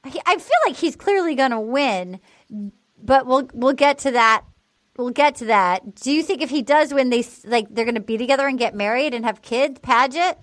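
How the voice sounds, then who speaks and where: A woman with a high voice hosts a casual podcast chat and recaps with animation. She sounds close and dry on the mic. She acts out what people said as she tells the story. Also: normal speed, dry recording. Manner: animated recapping with acted quotes. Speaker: podcast host.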